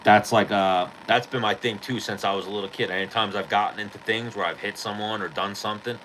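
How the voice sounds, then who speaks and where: Swearing freely, a podcast host rattles through casual stories at a fast clip, performing people's quotes in animated fashion. His voice is fairly low. The recording is rough, with a faint background hiss.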